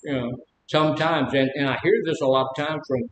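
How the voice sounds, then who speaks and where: A man's voice: steady tone, brisk. Man counselor talking in an echoey room. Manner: conversational, asks the group questions, tells personal stories with humor. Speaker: addiction counselor leading a recovery group. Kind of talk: informal group talk on recovery. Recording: echoey room with faint rumble.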